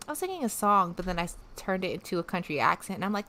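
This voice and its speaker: A woman from the American South with no regional accent hosts a casual livestream and answers viewers' questions. Her voice sits low, and she talks chattily, trailing off into fillers and restarts. Faint crickets chirp in the background. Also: sing-song, rapid-fire, few pauses, sharp tone, a little hiss or hum. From Southern United States. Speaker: livestream host.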